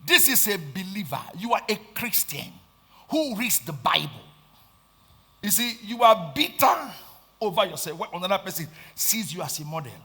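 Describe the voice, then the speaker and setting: A man with a Nigerian accent preaching a sermon, swinging between shouted lines and hushed asides and repeating phrases for emphasis. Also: high voice, very animated, moderate pace, slightly rough. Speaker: pastor.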